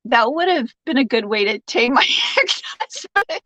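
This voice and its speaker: A woman's voice: fairly high pitch, sing-song, a little slow, bright, forceful tone, no echo, low-quality recording. A woman hosting a casual live stream, reading out viewer comments, joking and laughing often and turning sympathetic when someone shares bad news. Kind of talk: casual chat.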